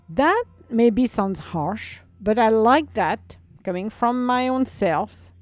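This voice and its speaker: A woman who speaks as a hosts a solo self-help podcast in a blunt, tough-love way, swearing without hesitation. Her voice sits at an ordinary middle pitch and is recorded close and dry. Soft music plays faintly underneath. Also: no echo. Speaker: podcast host.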